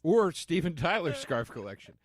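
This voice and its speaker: A man's voice: a little high, very animated, normal speed, dry recording, studio quality. A man co-hosting a comedy podcast, riffing with crude wisecracks. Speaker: podcast co-host.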